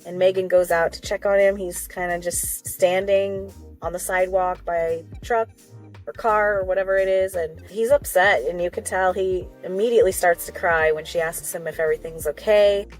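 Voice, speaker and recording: A woman's voice: lowish voice, fairly even intonation, faint music behind. Chatty woman recapping a reality show. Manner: chatty, rambling, quick asides and apologies. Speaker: reaction video host. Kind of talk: casual recap and commentary.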